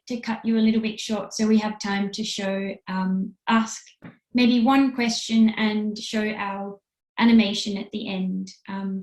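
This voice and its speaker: A woman's voice: fairly high pitch, darkish tone. A woman hosting an online panel, apologetic and hesitant with many ums as she hands over to the next speaker. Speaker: event host. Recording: echoey room.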